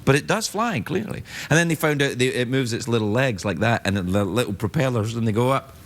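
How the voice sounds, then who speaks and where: A man's voice: medium pitch, expressive, a little fast, background noise. A man hosting a late-night talk show with a Scottish accent, riffing and teasing his guest in playful comic banter.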